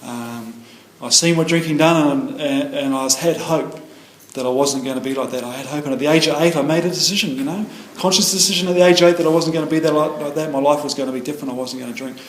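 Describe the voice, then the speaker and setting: A man's voice: a little high, steady tone, quick pace, hardly any pauses. A middle-aged man with a New Zealand accent sharing his story at a recovery meeting, rambling with many fillers and restarts. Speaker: AA meeting speaker. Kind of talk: personal recovery share. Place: meeting room. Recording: echoey meeting room.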